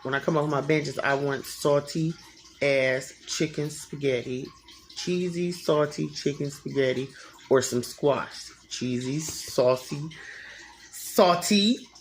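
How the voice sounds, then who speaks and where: This is a vlogger in their thirties recounting a story straight to camera, loose and casual. The voice carries a rough, creaky fry. They swear constantly and lean on repetition to drive a point home. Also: mid-range voice, steady tone, takes it slowly, slight background noise. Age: 30s. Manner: profane, emphatic, repeats phrases for effect.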